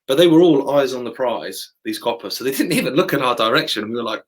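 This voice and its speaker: A man chatting casually and telling an animated story, acting out the other people's voices. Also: mid-range voice, fast talker, rough recording. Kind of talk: casual chat.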